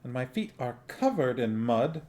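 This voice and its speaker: A man voicing a brisk, practical young woman in the city watch. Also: medium pitch, big pitch swings, dark tone, natural voice. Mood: matter-of-fact.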